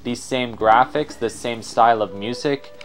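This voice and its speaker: A man's voice: mid-range voice, measured pace, a little hiss or hum. Rambling young man playing a game. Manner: rambling, self-deprecating. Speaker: let's player. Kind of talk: casual gameplay commentary.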